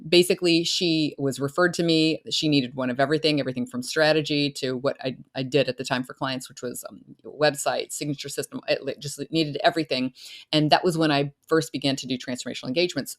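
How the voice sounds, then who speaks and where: A middle-aged woman coach talking earnestly in a casual solo podcast, now and then acting out her clients' voices. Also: sits low. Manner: earnest, warm-hearted, acts out clients' voices. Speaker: business coach and podcast host.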